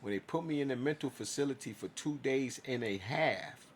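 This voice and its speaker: A man's voice: medium pitch, normal speed, a little hiss or hum. A man telling his own story in a casual, profane monologue, acting out his side of conversations.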